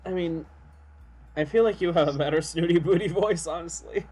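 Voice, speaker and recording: Co-streaming a let's play, a man reads the game's text aloud and trades giggly, playful teasing with his partner in casual banter. His voice is a little high, a little fast, and slightly mellow with a husky edge.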